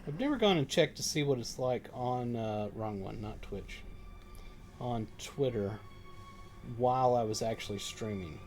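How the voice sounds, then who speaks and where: A man's voice: medium pitch, lively intonation, measured pace, a little mellow. A man streaming a game from home, chatting casually and thinking aloud with lots of fillers. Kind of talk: casual live-stream chat. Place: home room at a computer. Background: game music and keyboard typing.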